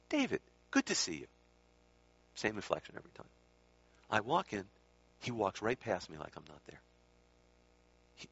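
A man's voice: mid-range voice, fairly bright tone, husky. A man telling a casual, rambling anecdote about a spiritual teacher, correcting himself and adding asides as he goes. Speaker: speaker recalling time with a spiritual teacher. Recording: dull lo-fi recording.

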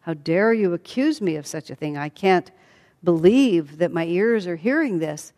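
A woman's voice: on the low side, animated, normal speed, darkish tone, natural voice. A woman voicing a proud adult queen who protests with rising indignation. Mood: indignant. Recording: long hall reverb.

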